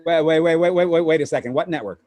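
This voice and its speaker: An actor playing a pushy, fast-talking male Hollywood agent in a live play reading over a video call, with rapid, stammering sales patter. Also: fairly high pitch, darkish tone, faint music behind, close to an everyday voice. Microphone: home computer mic on a video call.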